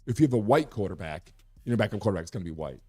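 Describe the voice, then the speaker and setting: A hoarse man hosting a live sports talk show, talking emphatically and repeating his point to make it clear. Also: on the low side, expressive, racing, dark tone, faint music behind. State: hoarse, recovering from a lost voice.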